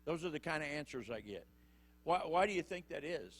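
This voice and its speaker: A man's voice: on the high side, expressive, fairly quick, fairly bright tone. A middle-aged man preaching a conversational sermon in church, acting out short quotes as he goes. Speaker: prison minister preaching.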